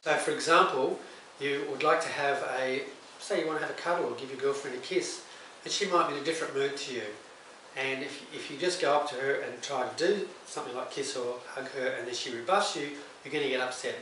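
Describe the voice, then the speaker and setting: A man's voice: mid-range voice, brisk, sharp tone, recorded from a distance. A middle-aged male counsellor gives relationship advice straight to camera in a plain, conversational way, now and then acting out short exchanges. His voice sits in the middle range and carries a strong room echo. The mic is set back from him, and a faint hiss runs underneath. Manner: plain, conversational, acts out short example dialogues. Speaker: counsellor and psychotherapist. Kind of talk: direct-to-camera advice talk.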